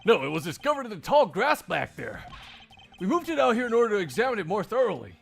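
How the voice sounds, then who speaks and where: A man in a live fan dub voicing a loud, eager male detective sidekick, rushed and shouty. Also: high-pitched, sing-song, vocal fry, soft background music, pitched above the performer's own voice, exaggerated voice.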